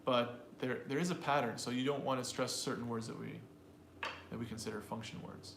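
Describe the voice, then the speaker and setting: A man's voice: medium pitch, fairly even intonation, a little fast, vocal fry. Male pronunciation coach, conversational, talks to learners, echoey room with faint noise. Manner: thinks aloud with fillers and restarts, addresses learners directly. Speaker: pronunciation teacher. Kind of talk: casual teaching chat.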